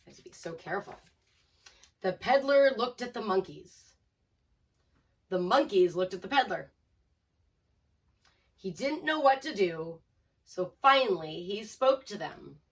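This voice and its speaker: A woman reading a picture book aloud to children, expressive and asking listeners questions, heard from a distance. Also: mid-range voice, slow pace, pauses often. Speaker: storyteller.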